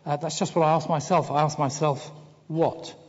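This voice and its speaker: A man voicing a slow, dreamy, mysterious male bear with a soft manner. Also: on the high side, fairly even intonation, pitched above the performer's own voice, close to an everyday voice. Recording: dull lo-fi sound in a big hall.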